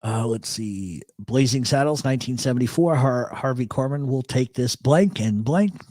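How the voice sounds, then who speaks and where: A man hosts a live chat show, swearing freely as he spins stories and answers the chat. His voice sits in an ordinary middle pitch. The sound is dry and close, with no room around it. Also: normal speed, dry recording. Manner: profane, storytelling, animated. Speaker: radio show host.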